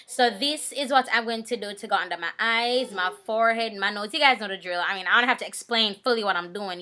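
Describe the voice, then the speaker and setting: A woman's voice: mid-range voice, brisk, few pauses, pushed and bright. A woman, talking casually through a makeup tutorial, chatty and repeating herself. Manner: chatty, repeats herself, talks while working. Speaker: makeup vlogger.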